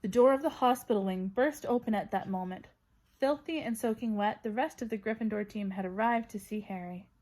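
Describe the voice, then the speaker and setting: A woman narrating a children's fantasy novel with expressive reading. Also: medium pitch, a little fast. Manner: expressive, voices characters. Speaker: audiobook reader. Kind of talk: storybook narration.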